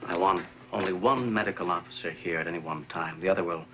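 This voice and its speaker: A man's voice: deep voice, fairly even intonation, fast talker, a bit bright, lo-fi sound, slight background noise. An actor playing a male starship captain who gives firm orders, in 1960s TV drama acting.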